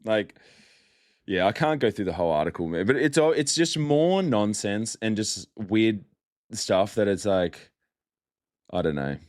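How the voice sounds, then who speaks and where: Low-voiced mocking man. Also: expressive, measured pace, darkish tone. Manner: mocking, chatty, breaks into laughter often. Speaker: podcast host. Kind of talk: casual solo podcast monologue.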